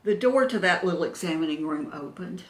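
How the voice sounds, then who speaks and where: A woman's voice: lowish voice, lively intonation, fairly quick, reverberant. An older woman, telling a personal story to camera in an emotional way, acting out what other people said.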